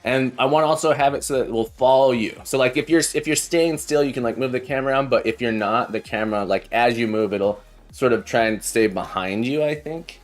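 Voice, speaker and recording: A man's voice: medium pitch, a little fast, hardly any pauses. A man who teaches programming, chatting casually on a live coding stream, telling jokes and often repeating his phrases. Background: faint background music.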